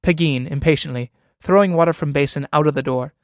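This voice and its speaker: A man reading the stage directions of a play aloud in a plain, brisk way. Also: a little high, no echo, clean studio sound. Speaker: reader of a play.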